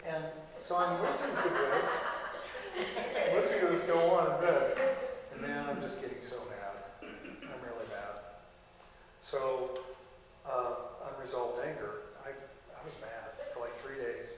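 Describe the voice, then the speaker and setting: A man's voice: medium pitch, a little slow. A middle-aged man teaching a class in a casual, folksy way, telling personal stories with chuckles. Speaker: lecturer. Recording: echoey hall with faint noise.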